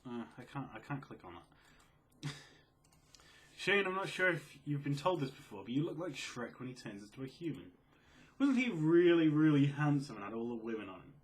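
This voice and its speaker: Quiet, mellow young man. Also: very animated, normal speed. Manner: quiet, low-key, self-described mellow and sleepy. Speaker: video creator answering viewer questions. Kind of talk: casual Q&A chat.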